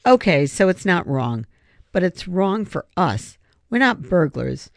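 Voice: mid-range voice, sing-song, a little slow, no echo, studio quality, voice pushed up. A reader voicing a reluctant, worried boy who refuses his friend, in an audiobook. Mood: anxious. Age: young boy. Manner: anxious, refusing. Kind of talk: audiobook character voice.

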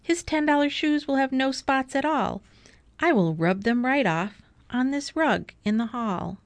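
A mischievous, grinning storybook cat in a tall hat, as a woman reads him aloud. He teases in a bouncy sing-song, his pitch swooping high and low, all of it close and dry with no room sound. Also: lively intonation, measured pace, no room sound. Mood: breezy. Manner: playful, teasing, sing-song.

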